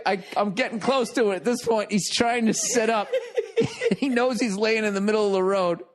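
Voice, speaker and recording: A man with a notably high speaking voice tells a story on a podcast. He laughs through it, swears freely, and acts things out with sound effects. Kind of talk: animated storytelling.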